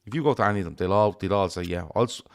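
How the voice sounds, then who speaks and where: A man's voice: fairly low pitch, very fast. Blunt, sweary man. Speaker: fan show panelist. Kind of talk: casual chat.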